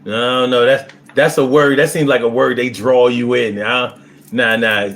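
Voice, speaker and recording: Reading his viewers' comments aloud, a livestream host with a medium-pitched voice keeps a measured pace. He fires back bluntly and curses a lot, his casual chatter jumping into loud, animated bursts.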